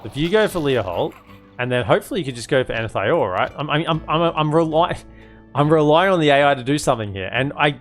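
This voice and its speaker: A man's voice: a little high, animated, fast talker, soft background music. An Australian man giving casual, chatty gameplay commentary as a streamer, often repeating himself. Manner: chatty, repeats words, many restarts.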